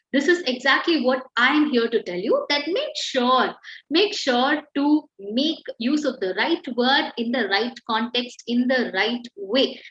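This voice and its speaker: A woman leads an online creative writing lesson and talks in a high voice. She is encouraging and often says a word twice for emphasis. Her audio is dull and lo-fi, with an echoey room around it. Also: a bit bright. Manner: encouraging, repeats words for emphasis.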